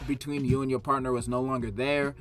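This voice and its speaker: A man's voice: mid-range voice, level tone, fairly quick, crowd noise. A man delivering sarcastic, jokey commentary that turns into heated outbursts. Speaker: commentary video creator. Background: music bed.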